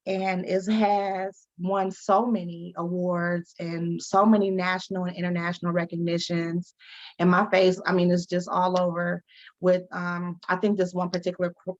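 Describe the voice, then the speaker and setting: A woman advocate, a guest from Detroit, telling her story candidly in an interview and acting out the voices she quotes. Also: fairly low pitch. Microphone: video call. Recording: dull lo-fi video call audio.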